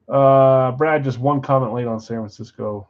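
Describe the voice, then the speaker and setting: A man's voice: mid-range voice, fairly even intonation, moderate pace, muffled recording. Chatty man calling out card break teams. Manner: rattles off names and teams, chatty asides. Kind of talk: live-stream card break chat.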